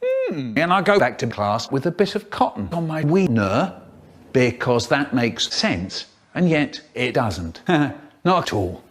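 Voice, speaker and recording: A man telling a rambling, crude comic story about a school day, with sudden leaps in pitch and loudness. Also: huge pitch swings, unhurried.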